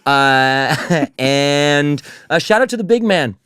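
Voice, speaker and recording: A man's voice: on the high side, lively intonation, takes it slowly, fairly bright tone, smooth, no room sound, studio quality. A man guesting on a comedy podcast, joking and bursting with enthusiasm. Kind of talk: casual comedic chat.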